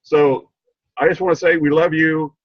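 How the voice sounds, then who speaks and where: Speaking at normal speed in a slightly high, level voice, an older training participant tells a heartfelt personal story over a video call. He stumbles, repeats himself, and gets choked up, in a lo-fi recording with no echo.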